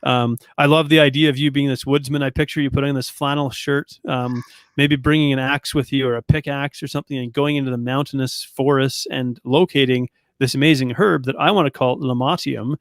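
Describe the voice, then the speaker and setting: A man's voice: medium pitch, steady tone, fairly quick, no echo, clean studio sound. A man in his thirties hosting a podcast interview, chatty and rambling with a joking streak. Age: 30s. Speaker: podcast host. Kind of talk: casual interview chat.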